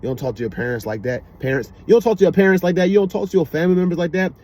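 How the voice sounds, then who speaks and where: His voice high and racing, a man with a DC-area accent runs through casual, meandering commentary packed with repeated fillers and questions like whether you know what he means. Outside, a car passes loudly.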